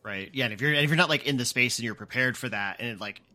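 A man's voice: medium pitch, very fast, bright, forceful tone. A man hosting a podcast in casual chat, telling stories expressively. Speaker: podcast host.

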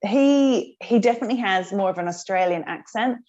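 An English woman chatting casually as a podcast guest, speaking warmly with fillers like "you know" and "like". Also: medium pitch, fairly quick, muffled recording. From England. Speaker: podcast guest, mother of two young boys. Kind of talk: casual conversation.

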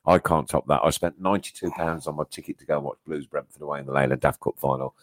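A man co-hosting a casual football podcast, reading out listener messages and answers in a relaxed, wry way. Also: rumbling low, quick pace, dry recording, studio quality. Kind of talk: casual chat.

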